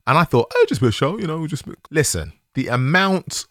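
A man hosting a podcast, telling a story in a casual, animated way with bursts of laughter. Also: a little high, a little fast, no echo, studio quality. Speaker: podcast host.

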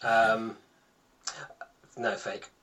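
A man's voice: lowish voice, flat delivery, fairly bright tone. Man hosting a casual podcast quiz. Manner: reads quiz items with many ums and quick laughs. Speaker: podcast host running a quiz.

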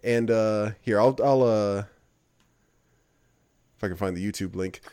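A man's voice: lowish voice, measured pace, dark tone, clear, resonant tone, dry recording, studio quality. Rambling man hosting a gaming podcast. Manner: loose, lots of "like" fillers, teasing. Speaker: podcast host. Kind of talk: casual gaming podcast chat.

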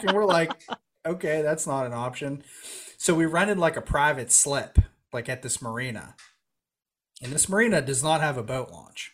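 Animated man telling a fishing story. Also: on the high side, normal speed. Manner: animated storyteller, acts out quoted voices. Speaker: podcast guest telling a story. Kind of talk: casual chat.

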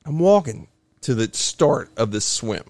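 A man telling a long story on a podcast in a casual, animated way, acting out other people's voices. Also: mid-range voice, unhurried, no room sound. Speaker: podcast guest.

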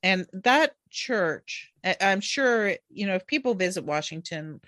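A middle-aged woman, an author, telling a personal story in an interview with animated delivery and frequent laughter. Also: medium pitch, measured pace, dry recording, studio quality. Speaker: author and guest.

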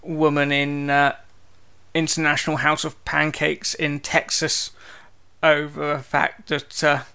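Bright-voiced man, teasing podcast co-host. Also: a little high, monotone, measured pace, vocal fry, smooth. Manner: joking, teasing banter. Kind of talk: casual podcast chat.

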